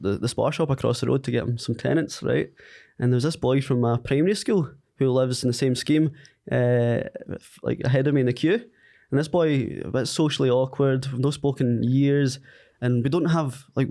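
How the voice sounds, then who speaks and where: Animated Scottish storyteller man. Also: medium pitch, creaky. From Scotland. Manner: animated storyteller acting out dialogue. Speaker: podcast guest. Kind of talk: casual podcast chat.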